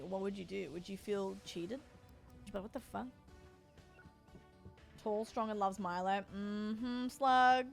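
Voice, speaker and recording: A woman's voice: mid-range voice, slow pace, gravelly, pauses often, faint music behind. An Australian woman in her forties, streaming and chatting casually with her viewers, teasing and joking as she answers chat. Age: 40s.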